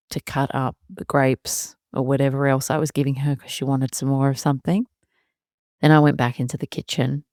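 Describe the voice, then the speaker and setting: A woman's voice: sits low, a little mellow, dry recording, clean studio sound. A woman, hosting a solo parenting podcast and talking candidly and emotionally, laughing through her worries. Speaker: podcast host.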